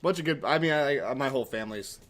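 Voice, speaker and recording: A man's voice: mid-range voice, quick pace, a bit bright. A man co-hosting a gaming podcast, joking around and swearing casually. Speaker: podcast co-host. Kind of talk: casual chat.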